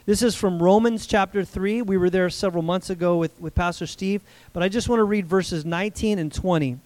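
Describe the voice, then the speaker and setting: High-voiced emphatic preacher. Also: male voice, fairly quick, a little mellow, no echo. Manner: earnest, emphatic, asks the congregation questions. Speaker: pastor. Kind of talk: sermon.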